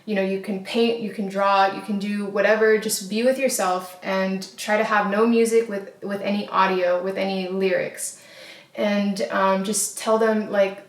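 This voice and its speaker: Speaking at a moderate pace in a level, medium-pitched voice, a woman hosts a casual motivational wellness talk. She is earnest and repetitive, leaning on fillers and repeated phrases, and the room sounds echoey.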